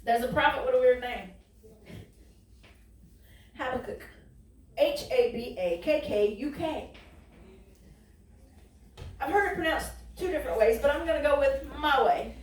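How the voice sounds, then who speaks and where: A woman pastor preaches in a relaxed, folksy manner and banters back and forth with her congregation. Her voice sits high. It is picked up from a distance and echoes around the sanctuary. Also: measured pace, long pauses. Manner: conversational, folksy preaching with call-and-response. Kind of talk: sermon. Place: church sanctuary. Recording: roomy, distant church recording.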